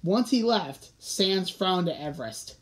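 A woman's voice: fairly low pitch, expressive, a little slow, low-quality recording. Woman, amateur story reader, frequent restarts, self-correcting. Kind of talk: reading a fan story aloud.

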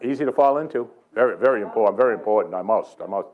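A man's voice: lowish voice, lively intonation, phone-quality sound. Older Boston man preaching with jokes. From Boston area. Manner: joking, conversational preaching with quick asides. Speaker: guest preacher. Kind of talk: sermon. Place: church sanctuary.

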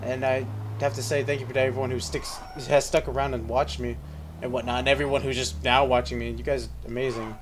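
A man's voice: medium pitch, flat delivery, a little fast, noisy background. A man casually commenting over his gameplay, crude and joking. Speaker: let's play host.

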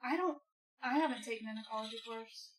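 A woman's voice: fairly high pitch, fast, crowd noise. A woman hosting a stream, chatting casually and reading out viewer tips. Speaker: streamer host. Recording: roomy, far from the mic.

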